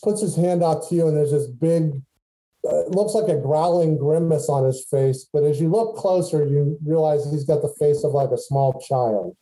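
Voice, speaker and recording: A game master narrating a tabletop game in a casual, halting way. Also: mid-range voice, mellow, poor audio.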